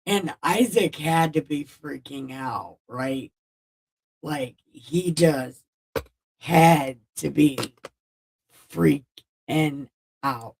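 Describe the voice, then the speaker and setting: Irreverent woman host paraphrasing scripture, slow and low, a bit off-mic. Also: vocal fry, a little mellow, far from the mic, a little hiss or hum, poor audio. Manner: irreverent, swears, loose paraphrase. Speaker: Bible-reading video host. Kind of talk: casual Bible retelling with commentary.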